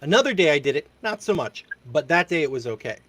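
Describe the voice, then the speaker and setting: A man's voice: fairly high pitch, very animated, fast, fairly bright tone. A man hosting a casual chat show, telling stories in a rambling way with casual swearing. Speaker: host.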